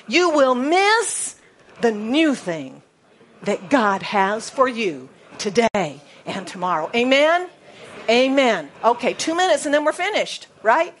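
An American woman preaching a sermon in a playful way, spelling words out letter by letter and dropping to a hushed voice for emphasis. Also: high-pitched. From United States.

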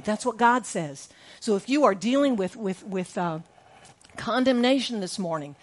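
Middle-aged woman pastor, emphatic sermon voice, mid-range pitch, repeats lines, quizzes the room. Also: expressive, normal speed. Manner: emphatic, repeats key lines, questions the congregation. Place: church sanctuary.

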